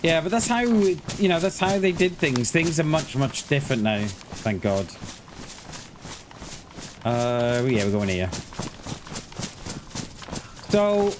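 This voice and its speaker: A man chats loosely through a live gaming stream, swearing freely as he rambles. His voice sits a little high. A clear background noise runs under his talk. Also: sing-song, takes it slowly, pauses often. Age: adult parent of a schoolchild. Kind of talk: casual live-stream chat while gaming.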